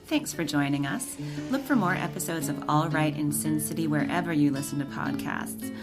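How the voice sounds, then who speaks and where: Woman announcer with a low voice over loud guitar music, delivering a scripted sign-off. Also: moderate pace. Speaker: podcast announcer. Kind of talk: scripted outro.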